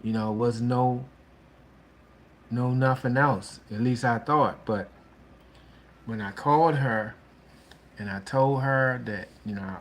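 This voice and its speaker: Slow, halting man giving frank advice. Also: medium pitch. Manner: slow, halting, with many restarts and "you know". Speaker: relationship talk host. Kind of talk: casual advice monologue.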